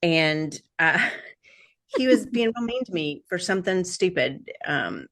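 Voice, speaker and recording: A woman's voice: lowish voice, animated, takes it slowly, fairly bright tone. A middle-aged woman, a podcast guest, telling rambling personal stories with lots of fillers and laughs. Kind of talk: casual chat.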